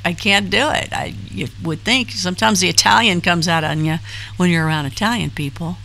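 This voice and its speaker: A woman's voice: lowish voice, a little fast, creaky, sharp tone. Chatty woman hosting a live stream. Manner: chatty, rambling, reads chat names aloud with frequent fillers. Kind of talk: casual live-stream chat reading comments.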